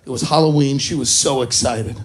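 A man's voice: medium pitch, fairly quick. A man doing a stand-up set on a comedy club stage, delivering dry, exasperated punchlines.

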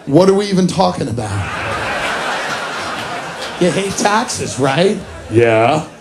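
A man's voice: fairly high pitch, lively intonation, slow. Exasperated man doing stand-up, noisy room. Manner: dry, exasperated punchlines. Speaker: stand-up comedian. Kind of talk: stand-up comedy set. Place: comedy club stage.

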